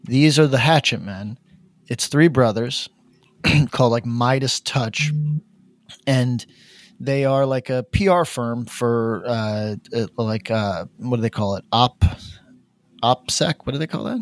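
A man's voice: medium pitch, takes it slowly, no echo, studio quality. Rambling man telling a story. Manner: rambling, many fillers, acts out quotes. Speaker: podcast co-host. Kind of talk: casual chat, animated storytelling.

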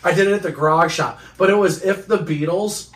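Bright animated comic, echoey distant mic. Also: mid-range voice, moderate pace. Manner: animated, jokey. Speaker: stand-up comic co-host. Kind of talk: casual comedy chat.

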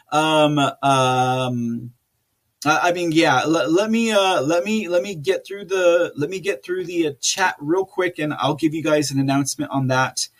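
Guy host reading the live chat, kinda high voice, rambly and laughing a lot. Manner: chatty, laughs often, rambling with restarts. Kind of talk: casual live-stream chat.

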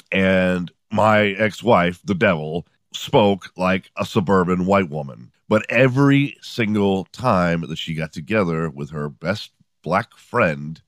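A man's voice: low voice, no echo, studio quality. A man in his forties hosting a podcast, telling rambling comedic stories in a profane, sardonic way. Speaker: podcast host. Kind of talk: comedic storytelling monologue.

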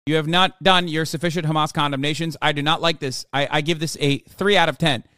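A man streaming live, reacting to a clip with sarcastic, profane commentary that often erupts into shouted rants. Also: a little high, fairly even intonation, fairly quick, smooth, no echo, clean studio sound.

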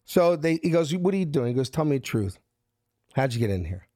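A man's voice: a little high, a little fast, dry recording, clean studio sound. A man, telling a story casually and acting out the dialogue in different voices. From South Philadelphia. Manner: animated, acts out quoted dialogue in voices. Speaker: guest.

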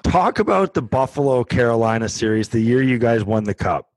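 A man hosts a relaxed sports podcast and asks loose, rambling questions. His voice is mid-pitched. The sound is dry and close. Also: fairly quick, no room sound. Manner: rambling questions full of fillers. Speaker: podcast host. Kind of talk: casual interview.

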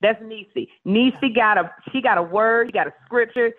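A woman talk show host, a guest in a casual radio interview, telling stories in a playful, animated way. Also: a little high, normal speed. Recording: tinny phone line.

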